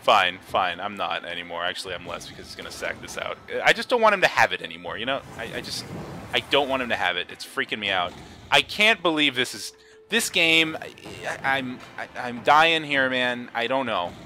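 A young man giving casual, excitable commentary on his own card game, swinging from low mutters to high yelps, laughing and swearing. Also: a little fast, slight background noise. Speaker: gaming video host.

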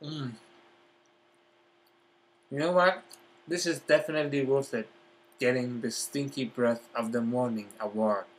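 Husky man savoring food slowly. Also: mid-range voice, steady tone. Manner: enthusiastic, talks with mouth full, lots of mm sounds. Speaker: vlogger. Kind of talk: casual eating vlog.

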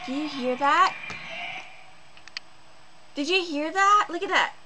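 High-voiced jumpy woman gamer. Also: slow pace, background noise. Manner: jumpy, exclaiming, talks to herself. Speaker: gaming streamer. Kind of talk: live horror game reactions. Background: game music.

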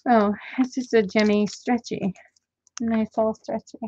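A woman's voice: fairly high pitch, steady tone, unhurried. A woman hosting a casual live sale, chatting to viewers as she unboxes jewelry and counts items aloud. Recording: dull lo-fi audio with faint noise.

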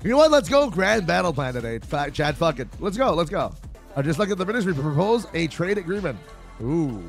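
A young man giving casual, excitable gameplay commentary, swearing and talking to his chat. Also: fairly high pitch, a little fast, gravelly, faint music behind. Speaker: streamer playing a strategy game.

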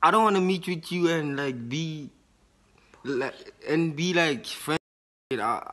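A man's voice: a little high, a little slow, a bit bright. A young man, hosting a casual video and making a prank call, rambling with slang and fillers. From South Africa. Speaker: YouTuber host.

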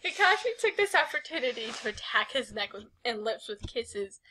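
A young woman reads a fanfic aloud with a casual, giggly manner, often breaking off to exclaim and swear. Her voice is high and bright, with a very lively, swooping pitch. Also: brisk, poor audio. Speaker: host reading a fanfic aloud. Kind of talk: casual comic read-along.

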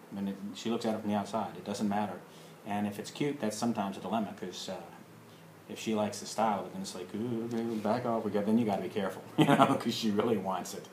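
A man telling a personal story in a casual, rambling way, full of pauses and fillers. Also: fairly low pitch, darkish tone, roomy sound, a little hiss or hum, rough recording. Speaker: alternative practice teacher.

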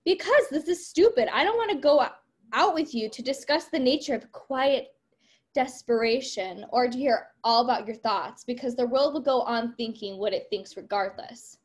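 A woman's voice: on the high side, normal speed, close to an everyday voice. A woman reading aloud the lines of a dismissive young man who looks down on serious talk.

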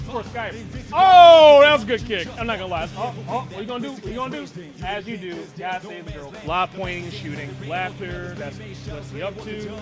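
A man with a very high voice reacts to a movie as he watches, excitable and profane, full of sudden exclamations. Faint music plays behind him. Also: a little fast. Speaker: movie reviewer. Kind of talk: live movie reaction commentary.

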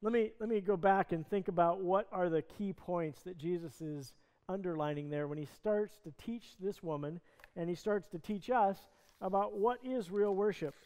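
A man's voice: high voice, normal speed, darkish tone, clear, resonant tone. A male pastor preaching a sermon, retelling a scripture story in earnest, conversational words. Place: church sanctuary. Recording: long reverb of a church hall.

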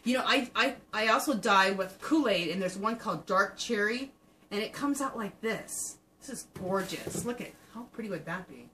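A woman's voice: mid-range voice, animated, normal speed, sharp tone, slight background noise, low-quality recording. A woman hosting a fiber-craft podcast, chatting casually and enthusiastically to viewers with plenty of ums. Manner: gushing, enthusiastic, full of filler words. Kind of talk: casual show-and-tell chat to viewers.

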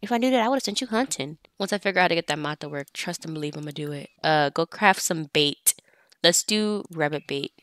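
Chatty woman gamer, bright crisp voice, dry close sound, bosses her characters around. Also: deep voice, lively intonation, brisk, no echo. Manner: chatty, talks directly to her game characters. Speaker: let's play gamer. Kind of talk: casual gameplay commentary.

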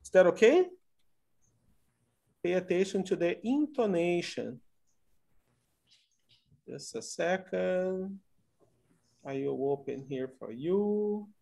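High-voiced slow English teacher. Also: male voice, lively intonation, gravelly, warm tone. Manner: slow, coaxing teacher talk with many fillers. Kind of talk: online conversation class.

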